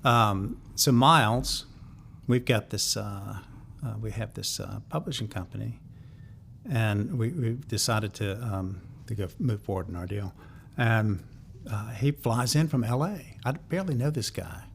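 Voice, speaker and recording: A man's voice: fairly low pitch, measured pace, gravelly, a little hiss or hum. Rambling older man telling stories. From North Carolina, USA. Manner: rambling, many fillers and restarts, chuckles often. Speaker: guest songwriter and music publisher. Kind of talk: anecdotal storytelling in an interview.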